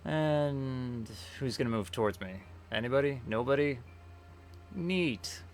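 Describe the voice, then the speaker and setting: A man streaming a tactics game, thinking aloud in a relaxed, casual way with many fillers. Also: mid-range voice, normal speed. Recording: faint game music behind.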